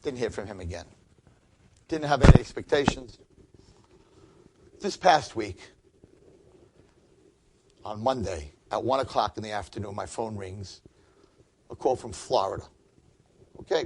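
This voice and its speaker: A middle-aged rabbi telling an inspirational story in a chatty, informal way, acting out the dialogue and building to excited peaks. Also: male voice, medium pitch, slightly rough.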